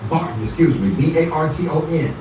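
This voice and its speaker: A man hosting online news commentary, recounting events step by step in a deliberate way. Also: fairly high pitch, lively intonation, heavy reverb, far from the mic, noisy background.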